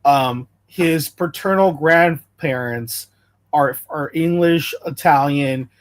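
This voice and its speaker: A man's voice: fairly high pitch, takes it slowly. An American man commenting on a video in a heated, casual rant, blunt and confrontational, repeating himself for emphasis. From United States.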